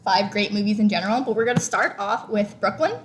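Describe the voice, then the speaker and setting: A woman co-hosting a movie podcast in casual chat, gushing and chatty with many fillers, breaking into excited squeals. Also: quick pace, a little hiss or hum. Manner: bursts of excited high squeals.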